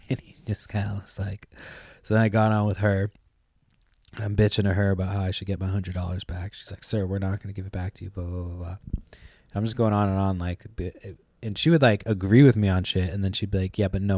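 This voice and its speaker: Rambling young man, low mellow voice. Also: level tone, fast talker, no echo, clean studio sound. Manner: loose, swears often, trails off with "like" and "blah, blah". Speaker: podcast host. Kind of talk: rambling casual storytelling.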